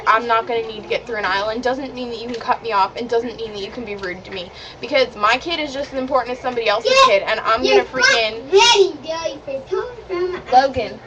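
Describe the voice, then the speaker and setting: A teenage girl telling a story to the camera in a casual vlog, chatty and indignant, with lots of "like" fillers. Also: on the high side. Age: teens. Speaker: vlogger. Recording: dull lo-fi webcam audio with clear background hiss.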